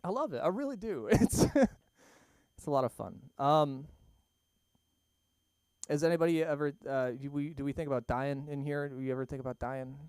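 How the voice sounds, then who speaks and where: A man's voice: medium pitch, normal speed, long pauses, a little mellow, smooth, no echo. A young man doing an open-mic stand-up set in a small comedy club, rambling and self-deprecating, often laughing at his own jokes.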